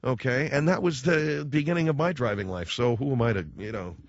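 A man's voice: medium pitch, brisk, no room sound. A man hosting a talk radio show, telling stories with sarcasm and animation and taking calls. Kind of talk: talk radio monologue and call-in. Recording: dull, dry studio broadcast.

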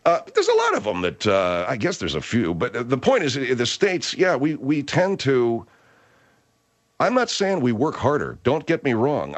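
A man hosting a talk radio show, riffing with animated comic exaggeration. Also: fairly low pitch. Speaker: radio host.

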